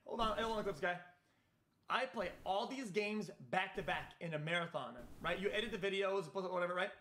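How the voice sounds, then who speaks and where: A male streamer reacting to a clip in loose, rambling chat. His voice sits a little high, and he repeats words and restarts sentences as his thoughts run ahead. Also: fairly quick, a bit bright.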